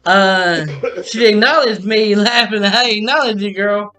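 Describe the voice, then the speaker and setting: High, bright-voiced man telling a rambling story. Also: measured pace. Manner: rambling, many restarts and retold dialogue. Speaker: streamer. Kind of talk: casual storytelling to a friend. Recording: echoey room with music behind.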